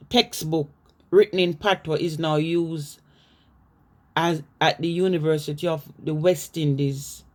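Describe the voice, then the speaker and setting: A woman with a Jamaican accent gives an informal talk on culture, telling stories with restarts and now and then slipping into patois. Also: fairly low pitch. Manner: warm storytelling with restarts and slips into patois. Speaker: cultural educator.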